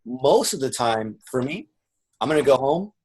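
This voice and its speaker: A man teaching a sales class on a video call, walking through each step in an earnest tone. His voice is husky and a little breathy, at an average pitch for a man. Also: sing-song, normal speed, a little mellow. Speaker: marketing instructor. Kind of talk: teaching sales with role-play.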